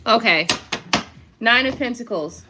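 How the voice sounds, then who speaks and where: A woman's voice: on the high side, lively intonation, a little slow, background noise. A young woman giving a casual live tarot reading, chatty and prone to laughing and swearing, with features. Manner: chatty, laughs often, swears, reads viewer comments aloud. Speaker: tarot reader.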